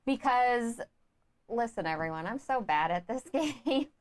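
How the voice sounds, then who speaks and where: Excitable woman playing a board game. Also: a little high, a little slow, crowd noise. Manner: excitable, laughing, addresses the viewers. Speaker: board game player and co-host. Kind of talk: casual board game playthrough chat.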